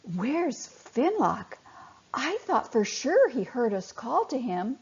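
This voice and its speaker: A woman doing a keen boy fish, gentle and slow, breathy, lo-fi muffled sound. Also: a little high, very animated, exaggerated voice. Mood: worried. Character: young male fish, fast and eager. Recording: dull lo-fi recording.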